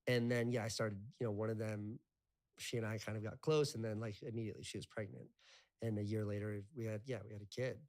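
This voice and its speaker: A man's voice: lowish voice, little pitch movement, fast, darkish tone. A man in his thirties telling his life story as an interview guest, rambling with lots of filler words and casual swearing. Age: 30s.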